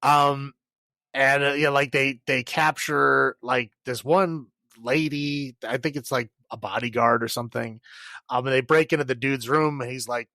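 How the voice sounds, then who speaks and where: A man's voice: medium pitch, steady tone, a little slow, pushed and bright, no echo. A man co-hosting a podcast, casually recapping a film in a rambling way, full of filler words and laughs. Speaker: podcast co-host.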